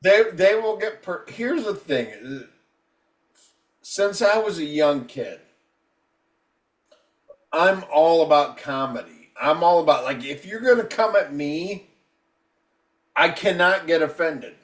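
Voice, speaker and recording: A high-voiced man about to turn fifty-one tears into a heated, foul-mouthed rant on a casual podcast. He sounds a little distant from the mic, and the room rings with a clear echo around him. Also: lively intonation, slow, pauses often. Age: 50s. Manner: profane, combative, heated ranting. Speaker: podcast co-host.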